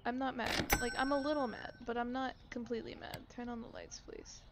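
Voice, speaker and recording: A woman's voice: a little high, steady tone, a little fast, heavy background noise. A young woman giving casual gameplay commentary, sarcastic and exasperated, griping at customers and dropping into mutters. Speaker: gaming YouTuber.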